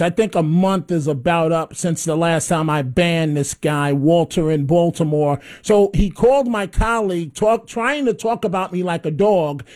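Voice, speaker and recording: Blunt high-voiced talk radio host. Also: male voice, darkish tone. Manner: blunt, mocking, repeats himself.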